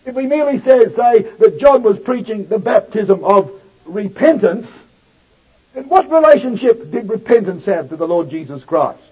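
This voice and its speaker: A man preaching a sermon to his congregation, with an emphatic delivery that swells loud and drops low. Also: expressive, moderate pace, husky. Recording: dull lo-fi recording.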